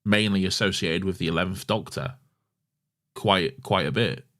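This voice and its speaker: A man co-hosting a rewatch podcast in casual chat, blunt and teasing, quick to contradict. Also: low-pitched, bright, forceful tone. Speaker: podcast co-host.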